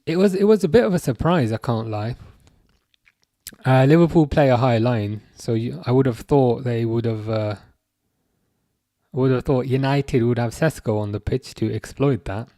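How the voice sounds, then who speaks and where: A man's voice: mid-range voice, normal speed, mellow, no echo, studio quality. Chatty man streaming match commentary. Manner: reads chat messages aloud and answers viewers; chatty, self-correcting, repeats words. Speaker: live stream host. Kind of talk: casual live chat commentary.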